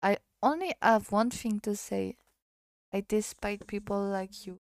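A woman's voice: mid-range voice, measured pace, dry recording, studio quality, natural voice. A woman with a French accent reading the part of a protective grown man in a game, scolding a pair of parents with indignation. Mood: outraged. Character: protective, outraged adult male neighbor.

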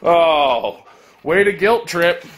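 A man's voice: fairly high pitch, expressive, very slow, background noise. A young man chatting casually to the camera as a vlogger, loose and talkative. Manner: loose and chatty, with frequent "uh" fillers. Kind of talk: casual vlog chat. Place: home and car.

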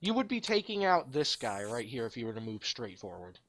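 A man's voice: mid-range voice, sing-song, fairly quick, heavy background noise. A man chatting casually with a friend while playing a game online, thinking aloud and laughing often. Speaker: gaming YouTuber. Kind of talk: casual gameplay chat. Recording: dull, muffled sound.

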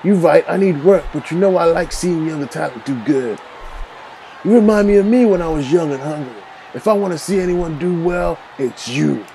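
A man's voice: fairly high pitch, dark tone, slight background noise, voice pushed up, natural voice. A man doing a coaxing veteran wrestler. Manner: persuasive, coaxing. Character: veteran male wrestler, smooth-talking would-be manager. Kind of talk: video game role-play voiceover.

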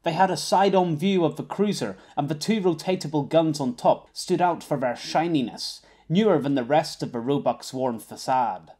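A man narrating an audiobook in a steady, wry storytelling manner. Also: on the high side, normal speed, hardly any pauses. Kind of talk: scripted narration.

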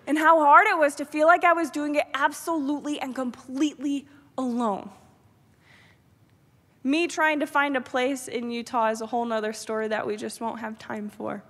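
High-voiced woman giving a devotional talk. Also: steady tone, normal speed. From New York. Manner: emotional storytelling, swinging from loud pleading to hushed whispers. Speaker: public speaker. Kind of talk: devotional address. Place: large theater. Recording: long hall reverb.

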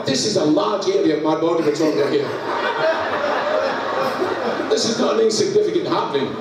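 Scottish guy preaching, chuckling thru a story, slightly high voice, echoey church, mic far off. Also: animated, fairly quick. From Scotland. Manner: laughs through his story, acts out sounds. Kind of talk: humorous sermon storytelling. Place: church hall. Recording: echoey church, distant mic, background noise.

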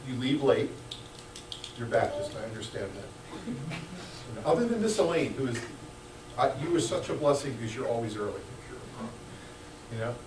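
A man preaching a sermon as pastor, lively and joking, swinging between hushed asides and loud bursts. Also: mid-range voice, normal speed, pauses often, noisy background. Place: church sanctuary. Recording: echoey church room, mic at a distance.

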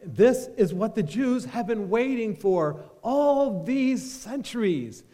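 A man preaching a sermon as pastor, animated and drawing the congregation into call-and-response. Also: high-pitched, takes it slowly, in a large hall. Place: church sanctuary.

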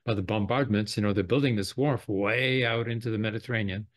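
A man's voice: fairly low pitch, brisk. A man in casual political chat who rambles and leans heavily on "you know".

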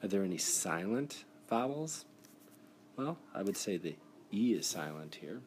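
A man with a very low voice walks young students through a spelling exercise on a screencast. His delivery is encouraging and methodical. A faint hiss sits under the recording. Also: sing-song, unhurried, a little mellow. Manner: encouraging, explains step by step. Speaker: teacher. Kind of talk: classroom screencast lesson. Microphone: device mic for screen recording.

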